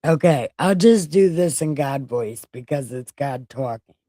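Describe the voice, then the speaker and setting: A woman's voice: sits low, lively intonation, unhurried, dark tone, no echo, clean studio sound. A woman hosting a casual live-stream Bible reading, irreverent and joking, with swearing. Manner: irreverent, joking, swears and laughs at her own jokes.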